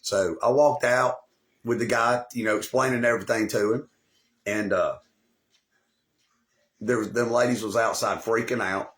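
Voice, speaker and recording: A man's voice: on the low side, steady tone, moderate pace, pauses often, a bit bright. Swaggering, foul-mouthed man. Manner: swaggering, boastful, swears constantly, loses the thread and repeats himself. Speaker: channel host telling a personal story. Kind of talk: rambling profane storytelling to camera.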